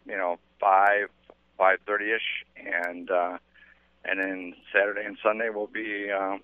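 A tournament organizer, a man with a low voice, gushes about the event in a live radio interview. He rambles with many "uh"s, and he comes through a thin, phone-like line with completely dry sound. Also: level tone, measured pace, clean tone, no echo. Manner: enthusiastic, rambling, with many fillers. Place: outdoors at a golf tournament. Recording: tinny phone-line audio.

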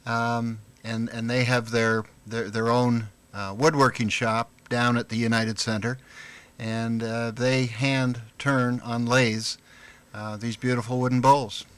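A man speaking as a radio guest in a halting way, with frequent restarts. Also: medium pitch, flat delivery, a bit bright, smooth. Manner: halting, many restarts and fillers. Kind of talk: casual interview talk.

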